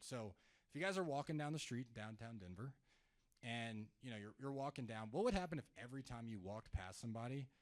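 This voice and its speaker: A man's voice: mid-range voice, no room sound. A young man giving a sales seminar to a live audience, joking with the crowd and acting out phone calls in contrasting tones. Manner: energetic, jokey, acts out calls in contrasting tones. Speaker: sales trainer. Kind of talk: live seminar talk with role-played calls. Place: event room, speaking to audience.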